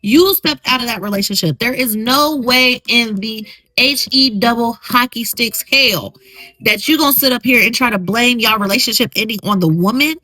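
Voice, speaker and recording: A blunt, emphatic woman hosts a solo podcast, reacting to posts she reads out. Her voice is bright and fairly high, and it sounds dry and close to the mic. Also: moderate pace, dry recording, rough recording. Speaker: podcast host.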